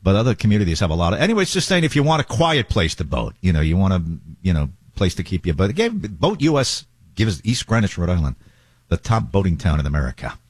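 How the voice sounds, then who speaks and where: A man's voice: deep voice, very animated, fast, darkish tone, husky, dry recording. A man hosting a talk radio show, chatting casually with wandering asides.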